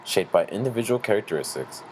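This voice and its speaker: A man with a deep, low-pitched voice reads scripted narration in a measured, explanatory way. Faint noise sits under his voice. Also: big pitch swings, a little mellow.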